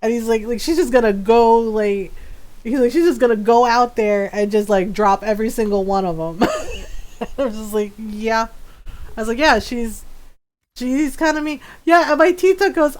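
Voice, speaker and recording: A woman's voice: high voice, lively intonation, normal speed. A woman streaming a game, chatting casually with viewers, telling stories and laughing often. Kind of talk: casual gaming stream chat.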